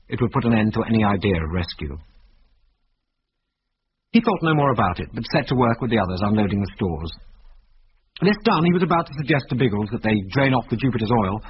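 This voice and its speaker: A man narrating an adventure story in a measured, vivid reading. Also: medium pitch, slightly rough. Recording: dull lo-fi radio recording with faint hiss.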